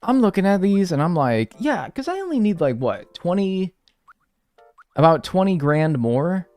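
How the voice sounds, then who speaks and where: Lively rambling man commenting on gameplay. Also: high voice, a little slow, no room sound, soft background music. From North America. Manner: rambling, joking, with sudden loud yelps. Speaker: streamer playing a life-sim game. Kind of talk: casual live gameplay commentary.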